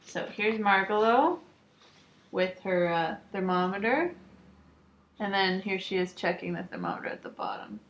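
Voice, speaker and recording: A woman reading a children's book aloud calmly, adding casual asides. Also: mid-range voice, moderate pace. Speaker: storybook reader. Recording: echoey room, muffled lo-fi sound.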